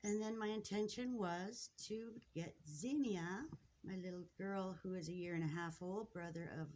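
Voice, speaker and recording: A woman filming her pet finches indoors, talking casually and haltingly, upset and close to tears, often apologizing and restarting. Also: medium pitch, steady tone, darkish tone, a little hiss or hum. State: tearful, upset. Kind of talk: casual off-the-cuff narration to camera. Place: indoors at home near a birdcage.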